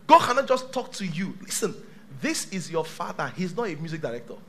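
A male pastor preaching a sermon to a live church congregation, dramatic, swinging from shouts to hushed tones. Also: high-pitched, sing-song, a little fast, a little hiss or hum.

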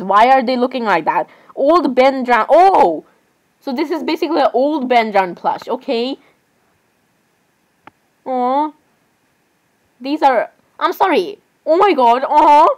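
A young woman with a fairly high voice gives casual gaming commentary. She rambles and sounds exasperated with the other players. She keeps apologizing as she talks. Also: darkish tone, low-quality recording. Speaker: gaming vlogger.

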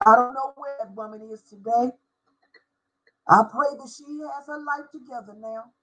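A middle-aged woman, a former schoolteacher, telling a personal faith story with deep feeling and spelling out words for emphasis. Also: normal speed, pushed and bright, low-quality recording. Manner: emotional, spells out words, sings briefly. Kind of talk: personal testimony.

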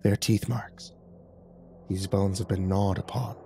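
Man doing a gruff undead sea captain. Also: low-pitched, little pitch movement, a little slow, dark tone, slight background noise. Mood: horrified hush. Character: undead old sea captain, weary, loyal.

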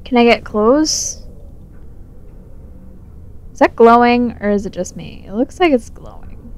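A woman's voice: fairly high pitch, expressive, unhurried. A tipsy young woman chatting and swearing through a let's play, talking back to the game's character. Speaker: gamer. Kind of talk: casual drunk let's play commentary.

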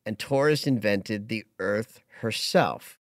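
A man hosting a casual astrology chat, emotional and animated, often restarting his sentences. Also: on the low side, takes it slowly, no echo. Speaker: astrologer host.

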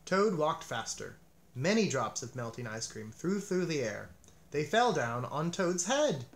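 A man reading a children's storybook aloud as narrator, with a gentle, expressive manner. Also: a little high, a little slow. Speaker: storybook reader.

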